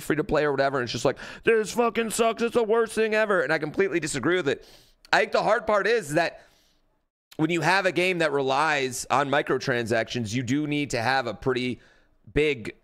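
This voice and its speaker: This man's voice is slightly high and a little bright. He's streaming live, giving a blunt, rambling reaction full of fillers and swearing in casual livestream chat.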